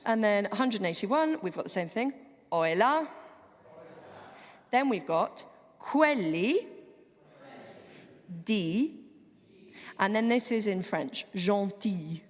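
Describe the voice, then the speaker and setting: A woman's voice: mid-range voice, expressive, slow, long pauses. Choir director, woman, chatty, spells out pronunciation by demonstrating, long church reverb. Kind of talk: rehearsal coaching.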